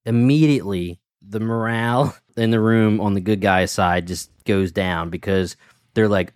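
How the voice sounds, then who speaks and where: Smooth-voiced man, easygoing podcast co-host. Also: lowish voice, a little slow, dry recording, clean studio sound. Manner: laughs often, easygoing. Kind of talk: casual chat.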